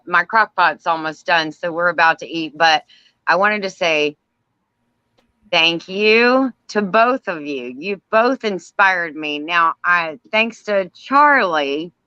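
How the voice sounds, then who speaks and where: A woman's voice: on the low side, pushed and bright, smooth, dry recording, lo-fi sound. A woman calling in to a chat show over a video call, chatty and gushing. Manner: chatty and gushing, laughs often. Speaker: viewer calling in. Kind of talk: casual chat.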